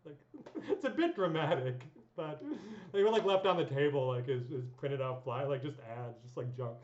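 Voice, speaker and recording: A woman's voice: rumbling low, moderate pace. Rambling woman with a bit of echo. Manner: rambling, filler-heavy, swears freely, laughs often. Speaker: vlogger. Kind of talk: casual storytelling monologue. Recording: echoey dull room sound.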